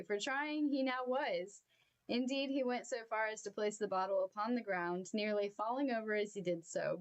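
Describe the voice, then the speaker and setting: Woman reading a kids novel out loud, expressive and kinda emotional, middle pitch. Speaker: storyteller.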